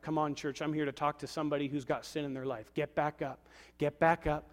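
A man's voice: fairly high pitch, flat delivery, fairly quick. A man preaching a sermon as pastor, urging the congregation with repeated calls and ending in prayer. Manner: repetitive, exhortative preaching with call-and-response. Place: church sanctuary. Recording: long hall reverb.

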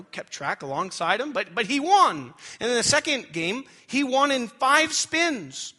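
A young adult man preaching a sermon with animated storytelling that swings high when he gets excited. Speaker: pastor.

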